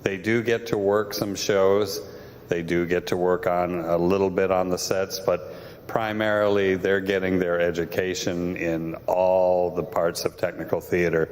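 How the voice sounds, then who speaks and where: Low monotone guy teacher explaining stuff, echoey auditorium. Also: unhurried. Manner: plain, explanatory. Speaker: technical theater teacher. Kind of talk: answering audience questions. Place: school auditorium. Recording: reverberant auditorium with faint noise.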